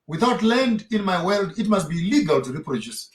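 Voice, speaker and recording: A man speaking in an emphatic, preaching way, driving his points home and throwing out rhetorical questions. His voice sits slightly high for a man. The room around him echoes. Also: big pitch swings, brisk. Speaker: guest speaker. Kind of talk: impassioned interview talk. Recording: roomy echo.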